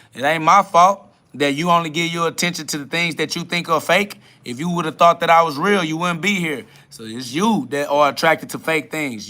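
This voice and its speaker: A man's voice: a little high, bright, forceful tone. A man hosting a livestream, answering chat comments in a combative, dismissive way and swearing a lot. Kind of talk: profane spiritual livestream rant.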